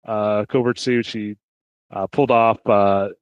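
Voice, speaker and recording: A man narrating a tabletop game as game master, halting with many fillers. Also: fairly low pitch, fairly even intonation, no echo, phone-quality sound.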